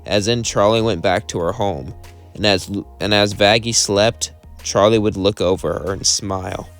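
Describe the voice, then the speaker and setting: Man, casual storyteller, rambling, low voice, light background music. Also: fairly even intonation, moderate pace, fairly bright tone. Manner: loose, rambling retelling. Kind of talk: casual fan story narration.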